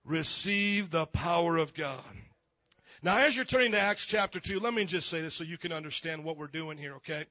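Bright-voiced joking pastor preaching. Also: male voice, on the high side, fast, hardly any pauses, no echo, lo-fi sound. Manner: animated and joking, acts out quotes. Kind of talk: lively sermon.

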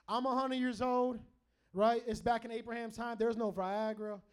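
In a church hall with a live congregation, a middle-aged man preaches a sermon in a very high, clear and resonant voice at a moderate pace. Animated and joking, this pastor calls out to the people listening.

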